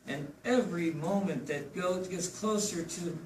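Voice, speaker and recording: A man speaking at a memorial gathering in halting, emotional remarks that trail off. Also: high-pitched, slight background noise. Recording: echoey room, far from the mic, guitar behind.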